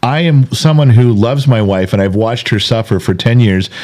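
A man's voice: medium pitch, normal speed, darkish tone. A man hosting a candid conversational interview, talking earnestly and emphatically, often repeating himself for weight. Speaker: podcast host.

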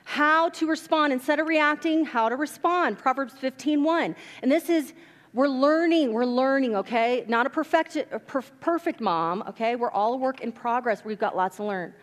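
A woman pastor preaches from the pulpit, telling stories and acting out the people in them. Her voice sits fairly high. It rings with the long reverb of a church hall. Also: normal speed. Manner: animated storytelling, acts out quotes. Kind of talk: sermon. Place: church sanctuary.

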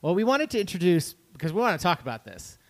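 A man's voice: sits high, very animated, quick pace. A man co-hosting a podcast in casual chat, giggly and chatty, reading notes aloud. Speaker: podcast co-host.

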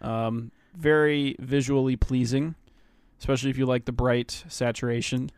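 Male co-host, mid-range voice, excitable slangy chat, dry close sound. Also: mid-range voice, moderate pace, clear, resonant tone, dry recording. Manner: enthusiastic, slangy, jokey. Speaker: podcast co-host. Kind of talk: casual podcast chat.

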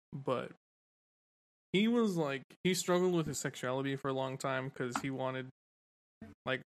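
A man co-hosting a podcast, telling stories in a rambling, loose way with cursing and easy laughter. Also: medium pitch. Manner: rambling, swearing, laughs easily. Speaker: podcast co-host. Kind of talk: casual podcast chat.

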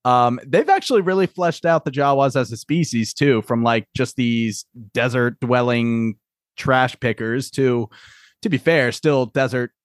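A man's voice: mid-range voice, a little slow, no echo, studio quality. A man hosting a casual chat about a show, enthusiastically explaining its lore and background. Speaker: podcast host.

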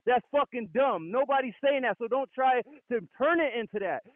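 A man's voice: extremely high pitch, normal speed, dry recording, phone-quality sound. A man co-hosting a boxing podcast, arguing hard, swearing a lot and refusing to be cut off. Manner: insistent, swears a lot, cuts off rebuttals. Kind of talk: heated debate, profane.

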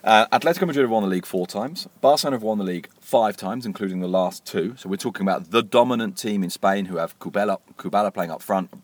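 Deep-voiced fast-talking man telling stories. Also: no room sound. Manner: animated storyteller, repeats words when starting. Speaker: podcast co-host and author. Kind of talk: casual podcast chat.

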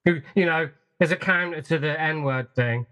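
A man's voice: fairly high pitch, moderate pace, pushed and bright. A man co-hosting a podcast, blunt and laughing, swearing freely in casual film talk. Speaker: podcast co-host.

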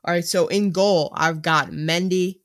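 A man co-hosting a casual sports podcast, who talks tactics in an animated, jokey way. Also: on the high side, unhurried. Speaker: podcast co-host.

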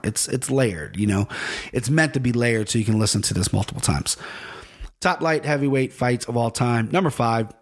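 Rambling, self-correcting male podcast host. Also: mid-range voice. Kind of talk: casual chat.

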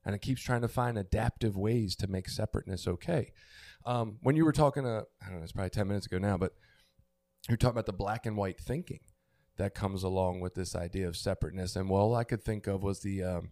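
A man's voice: fairly low pitch, quick pace, a little mellow, dry recording, studio quality. A middle-aged man on a podcast, candidly telling a personal story with frequent restarts, getting emotional. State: tearful, emotional. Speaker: podcast co-host. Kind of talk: casual chat.

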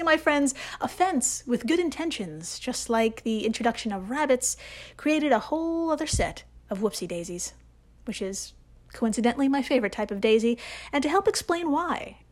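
Playful American woman podcast host. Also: on the high side. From United States. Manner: playful, sarcastic, swings from loud to hushed asides. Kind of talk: scripted comedic science podcast.

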